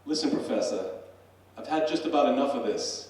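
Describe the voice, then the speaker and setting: Guy doing a fed-up bartender, loud and slow, echoey hall, far from the mic. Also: mid-range voice, animated, lightly acted. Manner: indignant, drawn-out scolding. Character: irritated male bartender, blunt working-class man.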